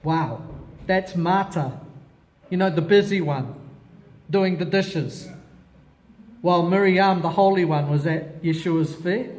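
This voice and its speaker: A man leading a Bible study, animated, asking himself questions and dropping in Hebrew words. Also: high voice, takes it slowly, long pauses, long reverb tail. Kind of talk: expository Bible teaching.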